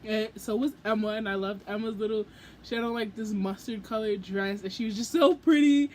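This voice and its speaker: A young adult woman telling a story in a casual book vlog, gushing and excitable, acting out her own reactions as she goes. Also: medium pitch, fairly quick, a little hiss or hum. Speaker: book vlogger.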